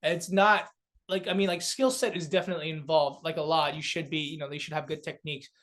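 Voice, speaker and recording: Animated young man, light voice. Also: fairly high pitch, fast. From South Korea. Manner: laughing, animated storyteller with many fillers. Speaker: comedian and beatboxer guest. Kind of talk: casual podcast chat.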